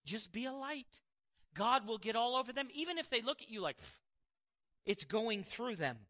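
A man preaching a sermon and telling a personal testimony, animated, with quick asides and frequent laughs. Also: very high-pitched. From Montana, United States.

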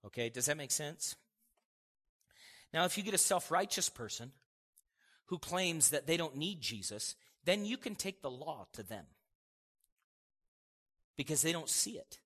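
A man preaching in an animated, conversational way, chuckling often as he makes his points. His voice is bright and somewhat high for a man. It rings with the long reverb of a church hall. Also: unhurried, long pauses. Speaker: pastor. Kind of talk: sermon.

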